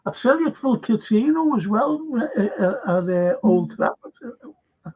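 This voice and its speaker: A man's voice: sits high, animated, measured pace, a little mellow, husky, highs cut off. A man with a Liverpool accent hosting a casual football fan chat and reading viewer comments aloud. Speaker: host.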